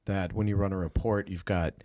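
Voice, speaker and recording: A man from Wisconsin hosts a conversational podcast interview, musing hesitantly through questions and restarting often. His deep, mellow voice stays level and brisk, recorded with studio quality and no echo.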